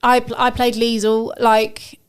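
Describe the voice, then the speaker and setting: A woman's voice: a little high, little pitch movement, a little slow, clear, resonant tone. A woman with an English accent, chatting casually as a podcast co-host, enthusiastic and given to fillers. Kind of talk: casual chat.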